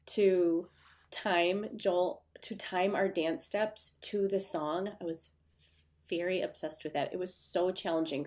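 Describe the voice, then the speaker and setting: Midwest lady rambling at her desk on a livestream, bit nasal from a runny nose, lowish voice, lots of likes and ums. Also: darkish tone. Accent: Midwestern American. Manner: chatty, rambling with fillers. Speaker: livestream host. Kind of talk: casual livestream chat with viewers. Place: home desk, indoors.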